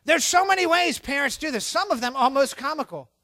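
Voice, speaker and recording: A middle-aged man giving a humorous sermon on parenting, animated and acting out scolding parents for laughs. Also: very high voice, a little fast, no room sound.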